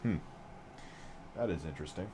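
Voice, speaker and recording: A man's voice: sits low, animated, normal speed, noisy background. Sick-voiced man chatting on a stream. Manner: rambling, loose, swears casually. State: sick, voice going rough. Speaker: streamer hosting a live game stream. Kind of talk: casual live-stream chat while gaming.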